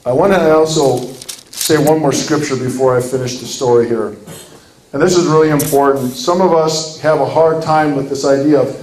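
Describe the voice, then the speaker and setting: A ministry speaker in his fifties from Minnesota, USA, gives an earnest, sermon-like talk, telling a story and acting out the quotes. His voice is a little high and slightly mellow, at normal speed, in a roomy-sounding, low-quality recording.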